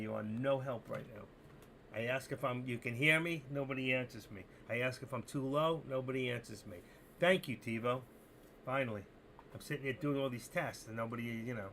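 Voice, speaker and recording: A man streaming his options trades live, talking to himself and to his chat as he watches prices, swinging between excitement and frustration. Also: mid-range voice, a little hiss or hum. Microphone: desk mic through streaming software.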